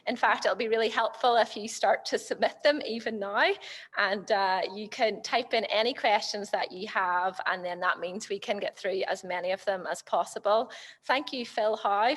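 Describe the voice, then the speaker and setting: A woman's voice: fairly high pitch, fairly bright tone. Upbeat woman hosting, reverberant hall. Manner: upbeat, chatty, laughs easily. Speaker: church webinar host. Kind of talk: live-stream hosting.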